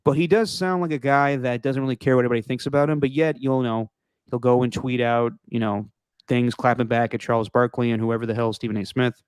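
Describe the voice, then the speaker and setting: A man hosting a sports podcast in casual chat, rambling and opinionated, his voice going hoarse. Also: mid-range voice, steady tone, fast, dry recording, studio quality. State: losing his voice. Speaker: podcast host.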